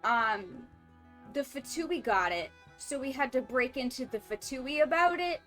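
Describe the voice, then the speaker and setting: With a high, unhurried voice and soft music playing behind her, a woman streams a game and chats casually. Animated and swearing, she laughs frequently and reacts to what her chat says.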